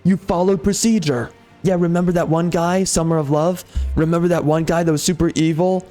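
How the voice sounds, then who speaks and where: Man, somewhat high pitch, heated, sarcastic, repetitive, gameplay rant. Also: little pitch movement, brisk, warm tone, faint music behind. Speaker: gaming channel host. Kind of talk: off-the-cuff rant over gameplay.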